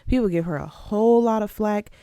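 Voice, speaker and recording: A young adult woman hosting her own podcast, talking casually and emphatically, with sudden leaps up in pitch. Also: a little fast, mellow, smooth, dry recording, clean studio sound. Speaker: podcast host. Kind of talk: casual solo podcast commentary.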